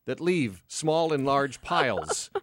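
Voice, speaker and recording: A man's voice: mid-range voice, very animated, takes it slowly, fairly bright tone, no room sound, clean studio sound. A man hosting a casual chat show, wry and a bit hesitant. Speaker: host.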